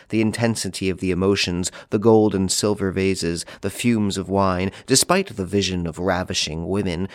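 A man reading a classic novel aloud in a measured, formal narration. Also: low voice, no room sound, clean studio sound. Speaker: audiobook narrator. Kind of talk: scripted narration.

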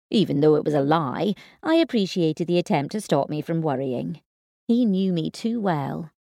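A woman narrating a first-person story in an expressive, wry manner. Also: low voice, moderate pace, gravelly, no room sound, clean studio sound. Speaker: audiobook narrator.

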